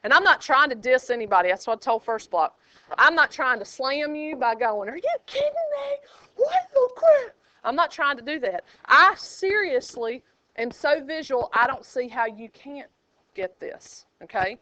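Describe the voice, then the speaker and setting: A woman teaching a high school math class, chatty and joking, quizzing her students as she goes. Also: animated, moderate pace, sharp tone, no room sound, dull audio. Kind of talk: classroom lecture.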